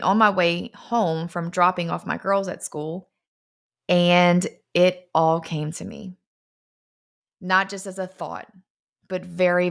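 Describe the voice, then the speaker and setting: A young woman, founder of a fitness company, telling her personal story in an earnest, confessional way, slowing down on emotional points. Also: on the low side, fairly bright tone.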